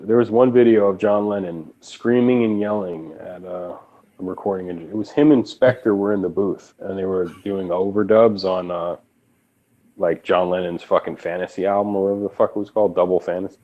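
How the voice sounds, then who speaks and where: A man's voice: low-pitched, fairly even intonation, brisk. A man in casual chat, a laid-back recording engineer who swears freely and mumbles. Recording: dull lo-fi sound.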